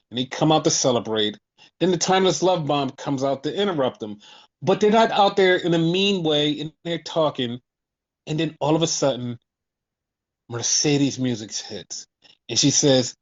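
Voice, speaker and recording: A man chats casually as a podcast host, breaking down wrestling shows with animated, profane energy. He slips into quoted voices as he tells the story, and the audio sounds dull and lo-fi. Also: on the high side, normal speed. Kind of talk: casual chat.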